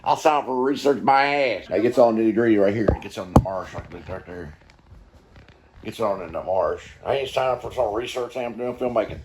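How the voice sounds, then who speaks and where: A man's voice: fairly low pitch, fairly quick, very noisy. A man giving rambling, folksy commentary while watching a film, swearing casually and repeating himself. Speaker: vlogger.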